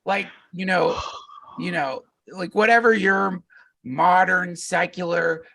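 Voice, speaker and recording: Male podcast guest, gravelly and husky, slightly high-pitched, rambling storyteller, recorded a little off-mic in a dry room. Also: slow pace, far from the mic. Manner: rambling, animated storyteller with frequent fillers and laughs. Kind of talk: casual storytelling conversation.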